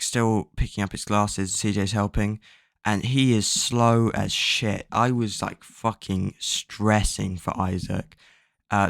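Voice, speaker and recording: A man's voice: on the low side, gravelly, a bit bright, no echo, clean studio sound. A man casually recapping a book's plot, rambling with lots of fillers and offhand swearing. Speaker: book recap vlogger.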